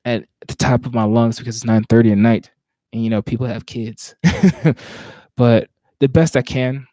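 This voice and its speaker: Southern guy from virginia, poet rambling casual between poems, soft mellow tone, dry close sound. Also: medium pitch, steady tone, normal speed, dry recording. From Virginia, USA. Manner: reflective, searching, speaks in broken restarts. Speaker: spoken word poet. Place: home, at night.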